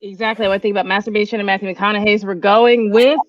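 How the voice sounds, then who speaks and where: A woman's voice: medium pitch, fairly even intonation, very fast, no echo, dull audio. Playful woman joking on a panel. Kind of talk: casual panel chat.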